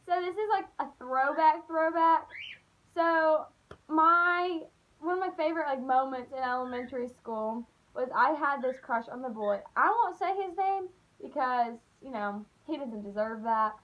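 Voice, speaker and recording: A young woman telling stories in a chatty, animated way, full of "like.". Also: sits high, measured pace, lo-fi sound. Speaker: vlogger. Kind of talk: casual storytime.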